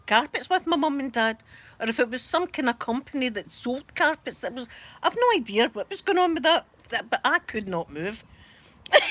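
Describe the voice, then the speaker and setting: A middle-aged Scottish woman hosting a live stream, telling funny stories in a casual, animated way and often laughing. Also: fairly high pitch. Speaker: livestream host. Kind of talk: casual storytelling.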